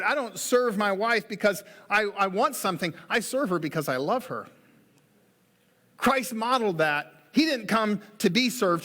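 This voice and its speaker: A man's voice: high voice, fairly bright tone, long reverb tail. A man preaching a sermon on marriage as pastor, talking in a folksy way with joking asides. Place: church sanctuary.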